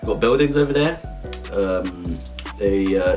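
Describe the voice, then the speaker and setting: A young man telling an absurd comic story in a rambling, stumbling, deadpan way. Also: medium pitch, moderate pace. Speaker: vlogger. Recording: faint background music.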